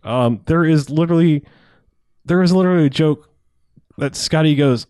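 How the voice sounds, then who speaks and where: A man's voice: on the high side, moderate pace, darkish tone, no echo, studio quality. A man in casual podcast chat, rambling about movies, often laughing and swearing as he acts out lines.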